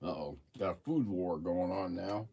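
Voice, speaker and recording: A man's voice: low-pitched, normal speed, creaky, dark tone. A man hosting a casual livestream, chatting with viewers while eating and talking with his mouth full. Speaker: livestream host.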